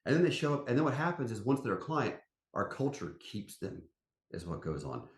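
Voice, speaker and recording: A man's voice: mid-range voice, a little fast. A man, a company CEO chatting as a podcast guest, folksy and emphatic as he tells stories. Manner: animated storyteller, folksy and emphatic. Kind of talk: casual interview chat. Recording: roomy echo.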